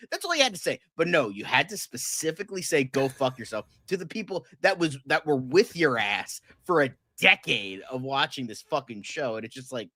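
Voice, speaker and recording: A man's voice: a little high, sing-song, brisk, few pauses, bright, forceful tone, dry recording, studio quality. A man co-hosting a casual podcast, going off in a profane, angry rant. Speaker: co-host.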